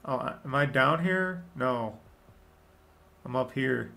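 A man narrating his own gameplay in a slow, drawn-out way, his voice gravelly and bright. His pitch jumps widely as he grumbles and swears at the game. Soft game music plays underneath. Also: animated. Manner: frustrated, swearing and muttering at the game. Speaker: gaming channel host. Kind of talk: gameplay commentary.

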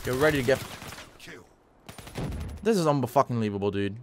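A man giving excitable, profane live commentary over his own gameplay, swearing and trash-talking opponents. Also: medium pitch, a little fast, long pauses, a little hiss or hum. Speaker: gaming commentator. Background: game music and gunfire.

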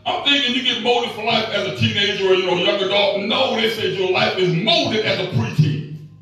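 A middle-aged man preaching a sermon as pastor, animated and joking with the congregation. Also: high voice, normal speed, very echoey, distant mic, soft background music, rough recording.

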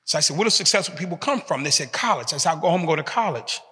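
A man in his fifties from the United States giving a motivational talk, telling his story in a lively street-talk way and acting out the voices of the people in it. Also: on the high side, very fast. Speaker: motivational speaker. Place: large hall in a prison. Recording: reverberant hall.

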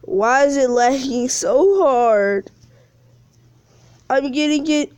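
A woman live-streams a mobile game on her phone, chatting casually in slang, calling viewers bro and man, and whining about lag. Her voice sits high and sounds darkish and smooth; she speaks slowly, pauses often, and there's no echo.

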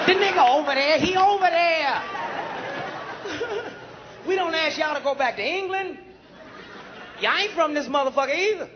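A male stand-up comedian doing a brash, profane routine on stage, telling animated stories to a live audience. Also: very high-pitched, slow pace, long pauses, crowd noise. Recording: dull live recording with audience noise.

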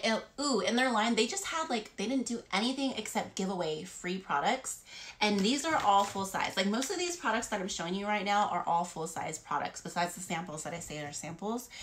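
A woman's voice: lowish voice, fairly bright tone, slight background noise. A woman vlogger chatting casually about free beauty products, rambling with frequent fillers. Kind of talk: casual haul chat.

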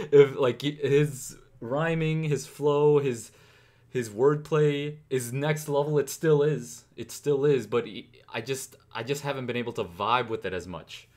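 A man's voice: medium pitch, unhurried, a little mellow. A young man hosting a casual music reaction, talking through rhyme schemes and reciting lyrics to pick them apart.

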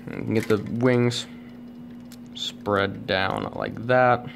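A man's voice: lowish voice, fairly even intonation, extremely slow, creaky, slight background noise. A man reviewing a toy at home on camera, rambling and self-deprecating, with many fillers and restarts. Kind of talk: casual unscripted review. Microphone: camera on a tripod.

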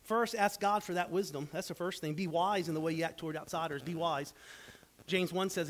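A man's voice: on the high side, fairly even intonation, fairly quick, a little hiss or hum. A man, preaching a sermon as pastor, in a folksy, conversational way with asides to the congregation. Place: church sanctuary.

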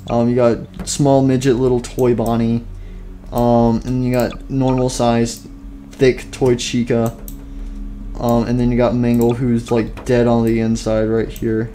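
A gaming YouTuber at his computer speaks in a completely flat, unhurried, dark-toned voice of medium pitch. His casual commentary rambles along with many fillers and self-deprecating remarks, and he sounds tired and out of breath.

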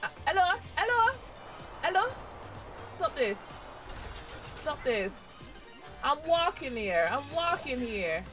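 A young woman streaming a game live, chatting excitedly to the characters on screen and squealing whenever she gets startled. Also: high-pitched, slow pace, long pauses. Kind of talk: live gameplay commentary. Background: faint game music.

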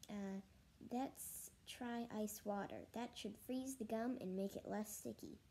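A woman voicing a calm, matter-of-fact schoolteacher in a storybook. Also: mid-range voice, slow pace, gravelly, slight background noise.

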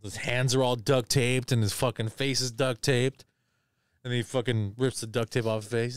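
A man's voice: medium pitch, little pitch movement, moderate pace, clean tone, no echo, clean studio sound. Rambling, profane man recapping a movie. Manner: rambling, profane, acts out scenes. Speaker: podcast co-host.

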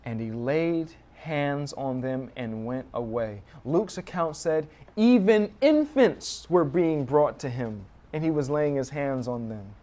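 A man's voice: medium pitch, expressive, slow pace, hardly any pauses, mellow. A young American man preaching a sermon as a guest pastor, telling stories with animation and acting out the cries of children.

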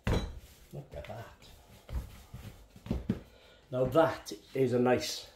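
A man's voice: mid-range voice, fairly even intonation, drawn-out words, vocal fry. A man in his sixties with a Welsh accent talks viewers through kneading sourdough in his home kitchen, chatty and step by step. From Wales. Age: 60s. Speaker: home baker. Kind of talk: casual baking demonstration. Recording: echoey kitchen, faint background noise.

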